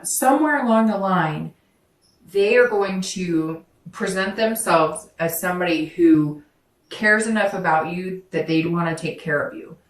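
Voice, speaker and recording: Speaking a little slowly in a lowish voice, this woman rambles through a casual tarot reading, correcting herself and talking straight to her viewers. She's recorded from a distance, off-mic in a room with echo.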